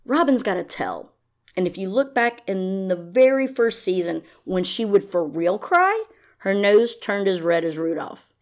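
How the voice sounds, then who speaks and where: Unhurried but full of big pitch swings, a woman hosting a podcast delivers a blunt, profane rant of casual commentary. Now and then she mocks someone with a high, put-on voice.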